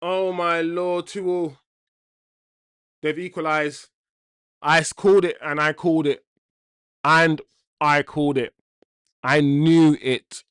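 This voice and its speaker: Young man, football watchalong host, slow and slangy, very dry close-mic sound. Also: on the high side, steady tone, clear, resonant tone, no echo. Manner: loud swings from groans to shouts, slang-heavy. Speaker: watchalong streamer. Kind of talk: live football watchalong reaction.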